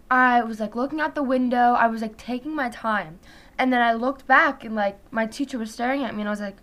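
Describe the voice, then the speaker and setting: Teenage girl, high voice, chatty, casual storytime, frequent "like". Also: fairly quick. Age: teens. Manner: chatty, heavy use of "like", animated retelling. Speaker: vlogger.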